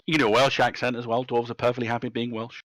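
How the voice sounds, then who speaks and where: A man's voice: medium pitch, level tone, very fast, fairly bright tone, a little hiss or hum, low-quality recording. A man chatting and joking casually as the game master of a tabletop game. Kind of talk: casual chat while running a tabletop game.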